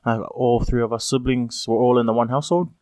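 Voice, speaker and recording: A man hosting a casual interview, easygoing and quick to agree. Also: medium pitch, steady tone, a little mellow, no room sound, clean studio sound. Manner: easygoing, agreeable, lots of 'yeah, yeah'. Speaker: interviewer host.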